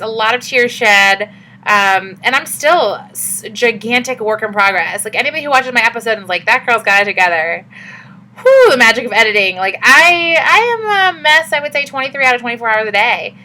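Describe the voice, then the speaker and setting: A woman's voice: a little high, expressive, brisk, pushed and bright, poor audio. A young woman vlogging in a casual, chatty and upbeat way, with many fillers. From Massachusetts. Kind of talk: casual vlog talk.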